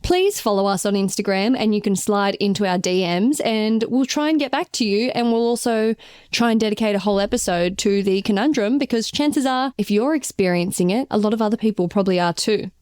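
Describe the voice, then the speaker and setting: A woman's voice: mid-range voice, brisk, a little mellow, smooth, dry recording, clean studio sound. An Australian woman co-hosting a podcast, talking in an upbeat, conversational way. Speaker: podcast co-host. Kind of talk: casual podcast chat.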